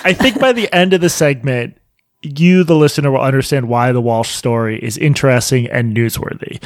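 A man's voice: medium pitch, moderate pace, no room sound, studio quality. A man with a Boston accent co-hosting a podcast, trading teasing banter and telling a story in a sardonic way. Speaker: podcast co-host.

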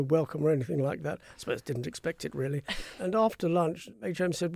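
Older man, brisk anecdotal storyteller, a bit high-pitched, very dry room. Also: fairly even intonation, vocal fry, a little mellow, dry recording. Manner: brisk raconteur who acts out quoted voices. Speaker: guest, former royal press spokesman.

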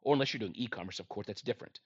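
A middle-aged man giving business advice in an energetic, emphatic motivational talk. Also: on the low side, very fast, husky. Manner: energetic, emphatic, lively delivery. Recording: dull lo-fi sound.

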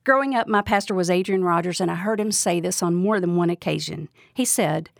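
A woman's voice: fairly low pitch, animated, brisk, gravelly, few pauses, no room sound, studio quality. A woman giving a devotional Bible teaching, speaking earnestly and asking the listener direct questions.

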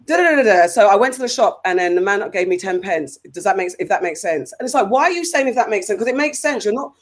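A British woman co-hosting a casual podcast chat, ranting with animation and repeating herself. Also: mid-range voice. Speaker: podcast co-host.

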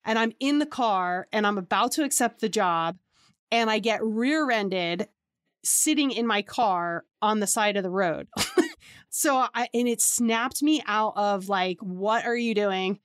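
A woman's voice: medium pitch, measured pace, smooth, no echo, clean studio sound. A woman in her thirties, a podcast host, casually telling personal stories and acting out the dialogue with lots of "like". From New York area. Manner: chatty, acts out quoted dialogue with lots of "like". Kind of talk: casual storytelling.

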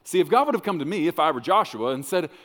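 Male pastor, sermon, lively pitch, dramatic loud and hushed swings, long hall reverb. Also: fast. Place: church hall.

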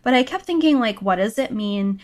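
A woman's voice: fairly high pitch, animated, a little fast. A woman co-hosting a casual book-discussion podcast, musing wryly with many asides. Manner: musing, wry, lots of "like" and "right?". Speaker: podcast co-host.

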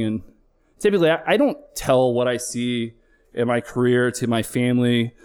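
A middle-aged man who flies as a paramedic shares a real experience onstage, candid and moved, sometimes cursing and slowing down for emphasis. His medium-pitched voice is smooth and a little mellow.

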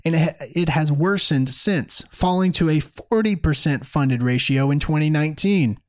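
A man with a fairly high voice delivers opinionated commentary as a host. He sounds sarcastic and mocking and keeps an emphatic, animated push behind his points. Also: moderate pace.

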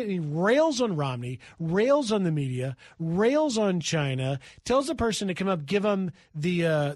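A man, a news correspondent, telling a brisk, lively anecdote as a guest on talk radio. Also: high-pitched, no echo, clean studio sound. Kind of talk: animated radio storytelling. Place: radio studio.

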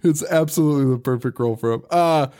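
A man's voice: fairly high pitch, fast talker, darkish tone. A man co-hosting a casual podcast, recapping a horror movie and laughing often as he quotes scenes. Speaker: podcast co-host.

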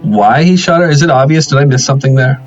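Male podcast co-host, thirties, relaxed storyteller, lively pitch, music underneath. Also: quick pace, muffled recording. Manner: laid-back, storytelling, chuckling. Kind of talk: casual podcast chat.

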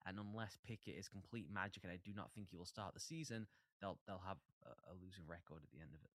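Man, podcast co-host, football analyst, dry wit, lowish voice, dry close mic. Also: quick pace, fairly bright tone, dry recording. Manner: dry wit, confident opinions.

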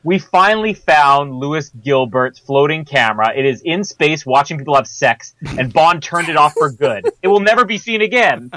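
A man's voice: fairly high pitch, expressive, normal speed, hardly any pauses, fairly bright tone, no room sound, rough recording. A man co-hosting a podcast, joking through a casual film discussion and laughing as he talks. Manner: joking, laughs while talking. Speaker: podcast co-host.

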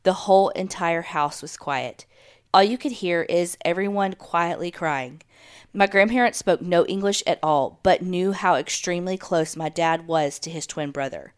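A woman podcast host reads a listener's true story aloud. Her voice sits a little low and sounds smooth and resonant. She tells it steadily and lets dramatic pauses build suspense.

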